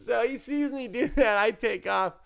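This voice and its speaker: A man's voice: extremely high pitch, normal speed, vocal fry, fairly bright tone, clear, resonant tone. A man telling a personal story in a casual, self-mocking way, swearing freely and laughing often. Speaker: storyteller recounting his addiction.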